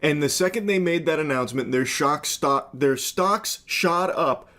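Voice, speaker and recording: A man's voice: fairly high pitch, measured pace, sharp tone. A man in a played video clip, commenting casually and sarcastically, with some swearing.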